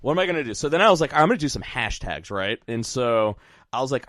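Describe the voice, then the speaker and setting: Radio host guy in his 30s, lively up-and-down voice, keeps going "all right, right?", dry close sound. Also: medium pitch, moderate pace, no room sound. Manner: animated, laughing, frequent "all right" and "right?". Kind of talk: casual storytelling chat.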